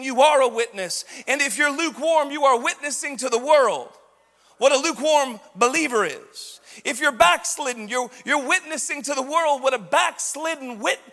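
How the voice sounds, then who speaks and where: A male pastor preaching a sermon with passion, shouting and letting his voice rise into a sing-song. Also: very high-pitched, big-room sound.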